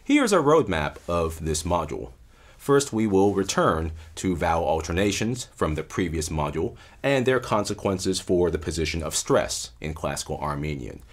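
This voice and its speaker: A man delivers a careful academic lecture, pausing to stress key terms. His voice sits low, yet his pitch moves widely and keeps the talk animated.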